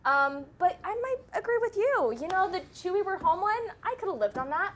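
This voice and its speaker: A woman's voice: extremely high pitch, animated, moderate pace. A woman co-hosting a casual panel chat, chatty and enthusiastic. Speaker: co-host.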